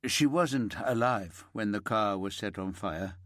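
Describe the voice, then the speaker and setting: A weary male detective read by a man breaks hard news in a low, careful voice. His delivery is unhurried and gentle, and the sound is close and dry. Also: no echo.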